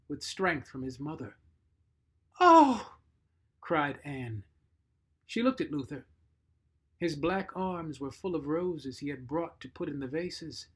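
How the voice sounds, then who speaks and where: A man reading a short story aloud, measured and expressive. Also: fairly high pitch, slightly rough. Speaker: narrator.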